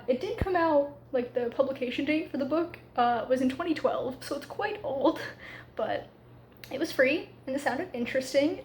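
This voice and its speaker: Casual woman book vlogger, high voice, chatty and loose, faint room ambience behind. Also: slight background noise. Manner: chatty, frequent fillers like "like"; quick, slightly rushed asides. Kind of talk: casual reading vlog chat.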